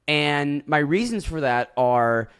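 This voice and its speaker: A man's voice: a little high, slow, smooth. A man co-hosting a podcast, casually recapping a reality show and acting out quotes from it. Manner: animated storytelling, acts out quotes, swears. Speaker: podcast co-host.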